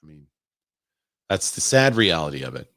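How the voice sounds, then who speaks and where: A man's voice: low voice, big pitch swings, moderate pace, a bit bright, no echo, clean studio sound. A man who works as a real estate agent, hosting a casual live stream and thinking aloud as he asks viewers for their opinions.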